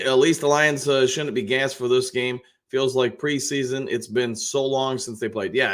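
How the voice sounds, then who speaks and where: Chatty man hosting a football livestream. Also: mid-range voice. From Detroit area. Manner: chatty, rambling with frequent restarts and fillers; greets viewers by name, upbeat. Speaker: live show host reading chat comments. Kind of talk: casual football talk livestream.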